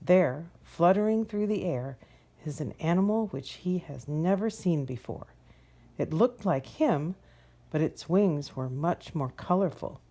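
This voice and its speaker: A woman reading a children's picture book aloud as a storyteller, gentle and expressive. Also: on the low side, measured pace.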